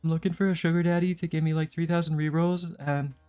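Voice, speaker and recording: A man's voice: on the high side, level tone, fast talker, warm tone, clear, resonant tone, faint music behind, pitched above the performer's own voice, natural voice. A man faking a cutesy, wheedling gamer girl. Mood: coy, wheedling. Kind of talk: joking put-on voice on a live stream.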